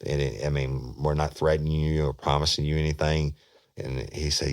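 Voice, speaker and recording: Gravelly deep-voiced male storyteller. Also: level tone, a little fast. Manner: rambling, profane, folksy. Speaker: podcast host, former detective. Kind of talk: casual storytelling.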